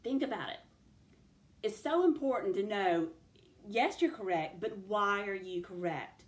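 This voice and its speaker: A woman teacher giving a phonics lesson, talking students through each step clearly and addressing them directly. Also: mid-range voice, lively intonation, unhurried. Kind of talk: recorded classroom phonics lesson. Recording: roomy echo.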